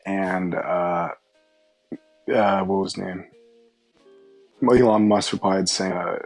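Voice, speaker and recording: A man's voice: low-pitched, steady tone, takes it slowly, long pauses, darkish tone, soft background music. A young man co-hosting a podcast over a voice call, retelling things loosely with fillers and trailing off. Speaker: podcast co-host. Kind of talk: casual chat.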